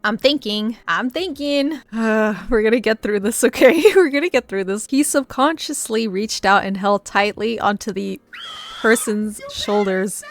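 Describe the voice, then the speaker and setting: A woman's voice: a little high, a little slow, no room sound. A woman reading a novel aloud and reacting as she goes. She often laughs, squeals and breaks off mid-sentence.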